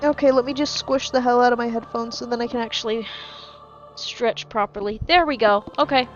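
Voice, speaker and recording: A woman's voice: a little high, fairly even intonation, fairly quick, muffled recording, faint music behind. A woman chatting casually while gaming, rambling and swearing freely in a jokey put-on accent. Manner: jokey put-on East Coast-style accent. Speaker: gaming streamer.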